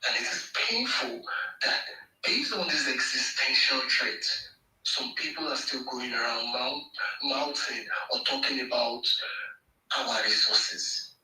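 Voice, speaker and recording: Nigerian guy ranting about politics, super bright edgy voice, kinda far off in an echoey room. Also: mid-range voice, measured pace. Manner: emphatic, repeats phrases for effect. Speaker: speaker on a live audio space. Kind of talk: impassioned political speech.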